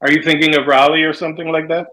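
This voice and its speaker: A man's voice: a little high, level tone, rapid-fire, bright, forceful tone, low-quality recording. A man in casual podcast chat, talking in a dry, sardonic, laid-back way. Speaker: podcast co-host.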